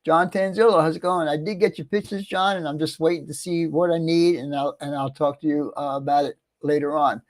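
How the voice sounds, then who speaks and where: A middle-aged American man hosting a casual livestream, chatty and easygoing, greeting viewers one by one and clearing his throat often. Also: a little high, steady tone, brisk, hardly any pauses. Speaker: livestream host.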